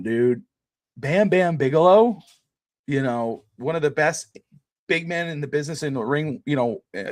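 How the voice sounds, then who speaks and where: A man's voice: medium pitch, fairly bright tone, no room sound, clean studio sound. A man co-hosting a podcast in casual sports chat, rambling with lots of filler words. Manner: rambling, many "you know" fillers. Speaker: podcast co-host.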